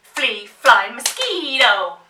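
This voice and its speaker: A woman leading a child through a playful drama warm-up, coaxing and encouraging. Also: fairly high pitch, sing-song, slow, recorded from a distance, background noise. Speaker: drama teacher. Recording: roomy, from off the mic.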